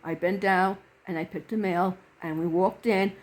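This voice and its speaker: A woman's voice: on the low side, fairly even intonation, moderate pace. A woman reverend telling a personal story to camera in an earnest way, acting out the quoted dialogue.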